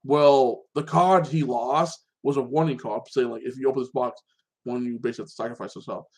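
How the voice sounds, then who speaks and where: A man hosting his own show, chatting casually about TV shows and an upcoming fight, rambling and excitable, tagging "like that" onto his sentences. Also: mid-range voice, fairly quick. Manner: animated, excitable. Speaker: show host.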